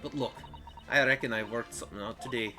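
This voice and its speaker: A man's voice: medium pitch, brisk, over music, natural voice. A man voicing a tough young street girl from the slums in an attempted Scottish accent, talking bluntly with streetwise slang, in a game playthrough. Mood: earnest. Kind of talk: video game voice-over playthrough.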